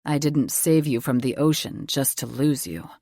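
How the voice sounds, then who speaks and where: A woman voicing a dominant male alpha wolf shifter, murmuring in a low, slow, possessive way. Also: dark tone, dry recording, studio quality.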